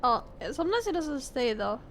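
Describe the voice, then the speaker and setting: A woman's voice: high-pitched, big pitch swings, moderate pace, fairly bright tone, a little hiss or hum. A woman streamer chatting casually with her viewers about her cat, her voice nasal from a cold, swearing and laughing often. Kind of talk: casual live-stream chat.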